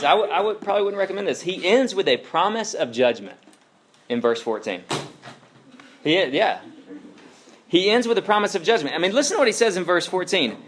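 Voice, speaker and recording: A man in his thirties, a pastor preaching a sermon in a conversational, animated way, full of asides and questions to the congregation. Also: a little high.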